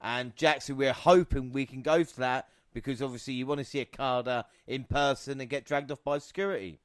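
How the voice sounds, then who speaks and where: A male podcast host talking loosely with his co-hosts, quick to laugh and swear. His voice sits in a middle range. The sound is dry and close. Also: mid-range voice, fairly even intonation, clean tone, dry recording. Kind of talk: casual podcast chat.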